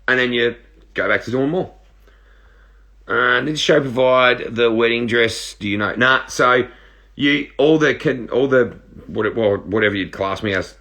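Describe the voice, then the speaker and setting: Bright, laid-back Australian man. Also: mid-range voice. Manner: laid-back and joking, reads questions aloud and answers. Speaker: reality show contestant answering live viewer questions. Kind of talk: casual live-stream Q&A.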